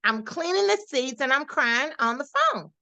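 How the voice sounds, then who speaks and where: Animated woman telling a personal story. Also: high voice, normal speed, highs cut off. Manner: animated storyteller who acts out quoted voices. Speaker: podcast guest. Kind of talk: storytelling in a casual interview.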